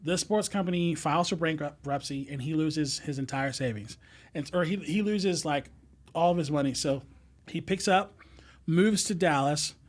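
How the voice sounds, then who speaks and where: Rambling storytelling man, slightly high voice. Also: moderate pace. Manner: rambling, many fillers and restarts; laughs as he tells stories. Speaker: podcast guest, musician. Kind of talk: casual storytelling chat.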